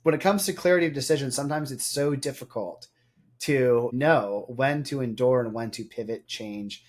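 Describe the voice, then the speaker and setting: A male podcast host talks through his thoughts in a relaxed, reflective way. He often ends a point with a quick "right?" to check in with his guest. His voice sits in an ordinary middle range. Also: medium pitch. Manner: reflective, often adds tag questions. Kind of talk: casual interview conversation.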